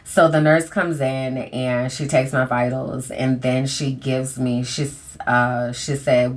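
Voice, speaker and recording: Woman, very deep voice, candid storytelling, lots of ums and likes, recorded in a closet. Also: fairly even intonation, takes it slowly. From United States. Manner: candid, conversational, uses many fillers like "um" and "like". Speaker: podcast host. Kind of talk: personal storytelling. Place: small closet.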